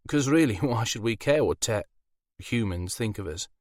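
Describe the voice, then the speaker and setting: A man's voice: lowish voice, lively intonation, moderate pace, dry recording, studio quality, lightly acted. A man voicing a smug, charming incubus demon who teases his grown daughter. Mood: teasing. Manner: teasing, indulgent, sly.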